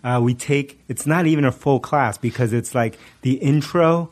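A middle-aged man telling a story in casual chat, animated and laughing often, with many fillers and restarts. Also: medium pitch, normal speed.

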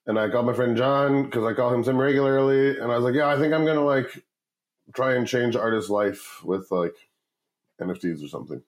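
A man's voice: mid-range voice, fairly quick, rough recording. A man in his forties, a company founder, telling a long story in a casual interview, swearing often and acting out what others said. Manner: profane, rambling, animated quoting of others. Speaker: guest, startup founder.

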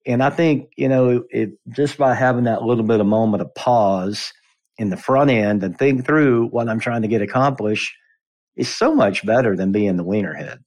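A man's voice: mid-range voice, moderate pace, darkish tone. A middle-aged man hosting a podcast, chatting casually with many restarts and self-deprecating jokes. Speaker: podcast host.

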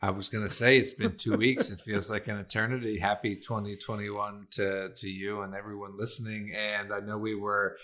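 A man co-hosting a podcast, chatting in a relaxed way with frequent fillers and restarts. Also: on the low side, normal speed, few pauses. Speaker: podcast co-host. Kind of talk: casual podcast chat.

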